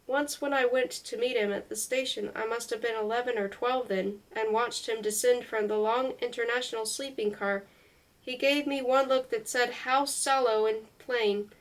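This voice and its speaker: A woman with a somewhat high voice reads a memoir aloud at an unhurried pace. Her delivery is careful and measured, and she stumbles now and then over unfamiliar foreign names. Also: steady tone, low-quality recording. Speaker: reader. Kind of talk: unhurried audiobook-style reading of a memoir.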